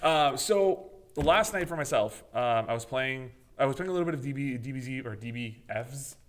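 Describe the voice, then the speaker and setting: A man co-hosting a podcast, casually chatting about games and telling animated stories, swearing freely and acting out his own reactions. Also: medium pitch, normal speed. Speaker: podcast co-host. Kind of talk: casual gaming chat.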